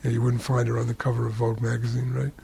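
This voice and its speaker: A man telling a spiritual story in a relaxed, conversational way, with humorous asides. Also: medium pitch, rapid-fire, vocal fry, breathy edge.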